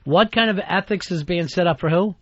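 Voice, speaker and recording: High-voiced man teasing on talk radio. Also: a bit bright, no room sound. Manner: dry, teasing, quick comebacks. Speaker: radio talk show host. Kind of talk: casual talk radio banter. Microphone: studio microphone. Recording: dull, dry studio broadcast sound.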